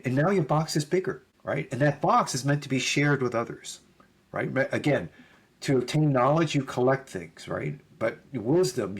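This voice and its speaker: A man's voice: mid-range voice, slightly rough. A middle-aged man, a podcast guest, telling a story in conversation and acting out both sides of the dialogue.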